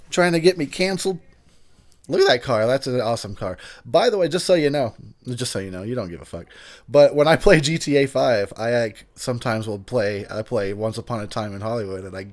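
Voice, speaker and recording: Rambling, tipsy man doing movie commentary. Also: mid-range voice. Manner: rambling, loose and joking, with many fillers and restarts. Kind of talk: casual drunk movie commentary.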